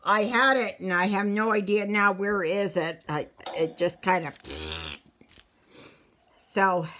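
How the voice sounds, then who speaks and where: Slow-talking breathless woman vlogger. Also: mid-range voice, steady tone, fairly bright tone, slight background noise. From Canada. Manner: rambling, halting, many restarts. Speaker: stitching vlogger. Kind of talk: casual chat.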